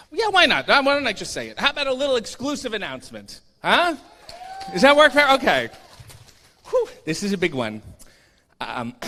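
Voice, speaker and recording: A man's voice: high voice, sharp tone. A man performing a stand-up comedy set on a convention stage, sardonic and self-mocking. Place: convention stage before a live audience. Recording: reverberant stage hall.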